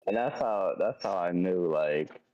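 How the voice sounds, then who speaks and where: A man co-hosting a live trading stream, chatting in a laid-back way with soft chuckles. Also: low-pitched, expressive, a little slow. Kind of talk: casual live-stream chat. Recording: dull lo-fi stream audio.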